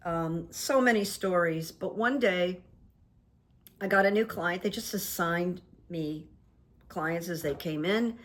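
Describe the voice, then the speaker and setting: A woman's voice: on the low side, fairly bright tone. A woman hosting a solo talk show, reading runes and telling stories in a meandering way, with many fillers and restarts. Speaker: host and rune reader. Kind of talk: casual monologue.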